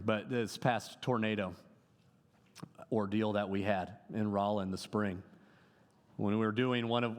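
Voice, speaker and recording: A male pastor, preaching an earnest sermon that moves from storytelling into rising exclamations in a church. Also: lowish voice. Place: church sanctuary. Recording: long hall reverb.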